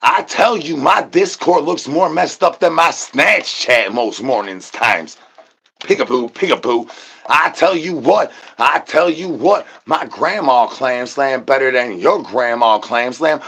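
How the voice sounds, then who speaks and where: A husky-voiced man barrels through an absurd comedy rant, stacking rhyming nonsense slang and stammering over repeated words. He breaks out shouted catchphrases along the way. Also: mid-range voice, animated, a little slow, hardly any pauses. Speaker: comedy channel host.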